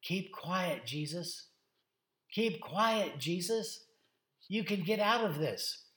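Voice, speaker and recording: A man's voice: high-pitched, animated, takes it slowly, a bit bright, echoey room, full character voice. A man voicing a devilish tempter, coaxing and urging again and again.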